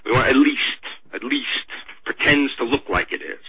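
A man talking politics in casual chat, sarcastic and mocking, with a husky voice. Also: medium pitch, moderate pace, a little hiss or hum. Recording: dull lo-fi radio sound.

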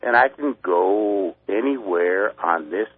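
An older man calling into a radio show, gruff and blunt. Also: on the low side, lively intonation, slow pace, dry recording. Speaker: caller. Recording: tinny phone line.

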